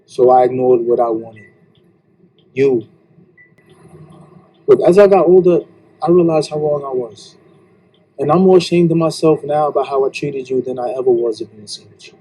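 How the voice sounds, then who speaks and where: A man's voice: medium pitch, moderate pace, pauses often, mellow, husky, close to an everyday voice, rough recording. An actor playing a remorseful young man who earnestly confesses he still loved a woman from his college days, in a TV drama scene. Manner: earnest, pleading. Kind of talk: TV drama acting.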